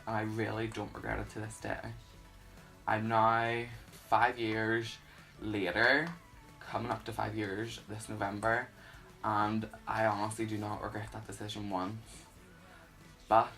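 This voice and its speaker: A young man shares his testimony earnestly, pausing often and leaning on fillers. His low voice is gravelly and stays fairly flat. Faint music plays underneath. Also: low-quality recording. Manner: earnest, halting, with many fillers. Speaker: YouTuber. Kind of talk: personal testimony vlog.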